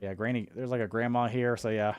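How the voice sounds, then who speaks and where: A man's voice: mid-range voice, fairly even intonation, fast talker, clean tone. A man co-hosting a casual chat about games, rambling with lots of filler words and the odd swear. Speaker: podcast co-host.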